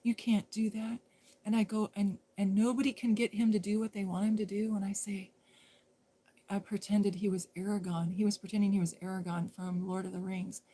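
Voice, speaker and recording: A woman live streaming, telling a story casually in a rambling way that drops into hushed whispers. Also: medium pitch, little pitch movement, fairly quick.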